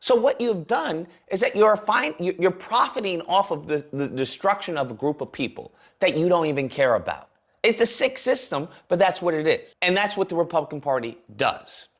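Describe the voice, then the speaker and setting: A man's voice: sits high, animated, moderate pace. A man giving heated, sarcastic commentary on a livestream, ranting at length. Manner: heated, sarcastic, speaks in long rants. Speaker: political commentator.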